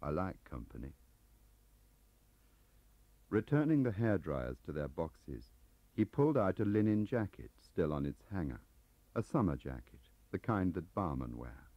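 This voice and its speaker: A middle-aged man reading his novel aloud in a measured, expressive way. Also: sits low, dry recording. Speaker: author narrating. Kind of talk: audiobook reading. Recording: muffled tape audio.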